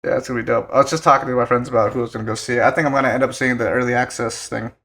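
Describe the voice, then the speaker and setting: A man's voice: medium pitch, little pitch movement, racing, a bit bright. A young man co-hosting a film podcast, chatting loosely with lots of fillers and casual swearing. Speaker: podcast co-host.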